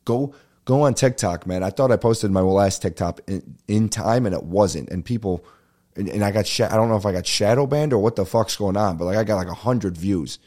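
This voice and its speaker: A young stand-up comedian hosts a solo comedy podcast, rambling casually and swearing in a laid-back way. His voice is on the low side, mellow, and brisk.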